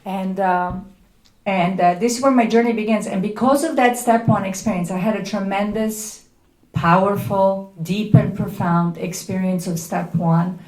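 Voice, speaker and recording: A woman's voice: medium pitch, steady tone, measured pace, darkish tone. A middle-aged woman with a Serbian accent giving an earnest, emphatic personal testimony to a workshop audience. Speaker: recovery speaker at a workshop. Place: workshop room before an audience. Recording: echoey room.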